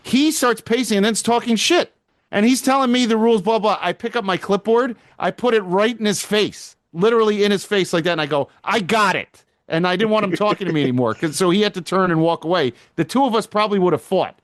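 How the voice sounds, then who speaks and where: A man co-hosting a podcast in casual chat, telling stories in an animated way and swearing freely. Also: high voice, fairly quick, no echo, clean studio sound. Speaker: podcast co-host.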